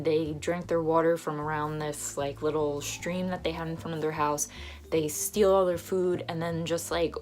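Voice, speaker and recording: Gushing young woman with a lowish voice. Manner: gushing, many fillers. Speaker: film reviewer. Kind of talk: casual film review.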